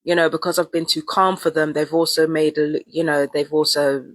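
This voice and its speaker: A woman's voice: low voice, flat delivery, fairly quick, no room sound. A woman talking casually and at length in a vlog, often repeating herself and using slang. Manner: rambling and repetitive, casual slang. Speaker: vlogger. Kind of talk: casual monologue to camera.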